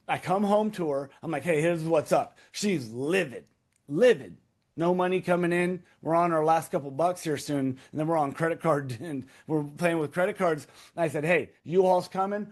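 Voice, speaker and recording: A man's voice: a little high, normal speed. A man in his thirties, a podcast guest, telling a raw personal story with emphatic repetition and swearing. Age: 30s. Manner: emphatic, repeats key phrases, swears. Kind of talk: intense storytelling in interview.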